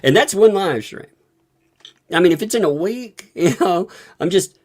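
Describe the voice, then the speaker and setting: Male live-stream commentator, lively pitch swings, profane, exasperated rants, laughs often. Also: a little slow.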